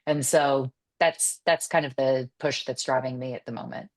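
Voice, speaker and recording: A woman talking as a podcast guest, quick and casual, often laughing and saying "like". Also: extremely low pitch, steady tone. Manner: quick, laughing, uses filler "like".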